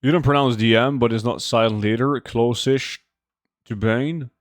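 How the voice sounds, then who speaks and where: A man streams a game and chats casually with his viewers, rambling, cracking jokes and reading their messages out loud. His mid-range voice holds a steady tone at a normal speed. The desk microphone gives clean, studio-quality sound with no echo.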